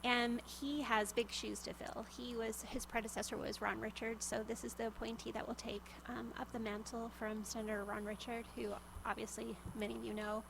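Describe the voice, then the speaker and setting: A woman with a somewhat high voice speaks in a legislative hearing room, endorsing an appointee. She sounds a little out of breath and hurried. Faint room noise sits behind her. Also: little pitch movement, gravelly. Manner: warm, slightly breathless endorsement. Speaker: state senator introducing nominees. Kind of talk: formal remarks.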